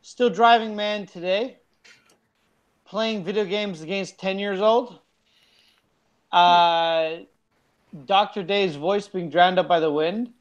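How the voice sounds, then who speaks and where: A man with a notably high speaking voice trades crude, loud jokes with friends during an online card game. He reads cards aloud and heckles the others on the call. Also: steady tone, slow pace, long pauses, muffled recording. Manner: loud, crude joking banter. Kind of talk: casual group chat over a card game.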